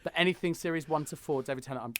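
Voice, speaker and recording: A man's voice: a little high, no room sound. A man from the Isle of Wight, a drag performer, chatting in an interview, self-mocking and joking. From Isle of Wight, England. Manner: chatty, self-mocking, quick jokes, lots of laughing. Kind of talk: casual interview chat.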